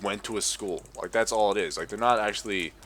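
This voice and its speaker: A man's voice: on the low side, brisk, a bit bright. A young man ranting profanely in a casual gaming commentary. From Australia. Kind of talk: casual rant over gameplay.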